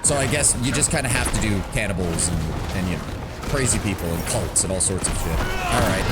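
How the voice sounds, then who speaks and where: Speaking fairly quickly in a deep voice with lively intonation, this male streamer offers loose, casual commentary on his live gameplay, chatting to himself and his audience with the occasional curse. The game's music is loud in the background.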